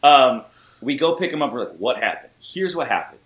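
A man's voice: medium pitch, fairly quick. A young man, a podcast guest, telling a long anecdote and acting out the people in it. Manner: lively, acts out quoted voices. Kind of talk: storytelling anecdote. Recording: roomy echo.

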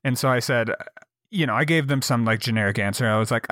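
A man chatting on a podcast, spinning a story with lots of ums and likes. The sound is dry and close, with no room around it. His voice sits at an everyday middle pitch. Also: fast talker, fairly bright tone, no room sound. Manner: rambling storyteller, many fillers, acts out quotes. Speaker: podcast co-host. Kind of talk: casual chat.

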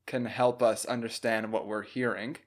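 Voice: medium pitch, level tone, normal speed. A podcast host who sums up the guest's points and asks curious follow-up questions, now and then with a playful joke. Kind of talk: casual podcast interview.

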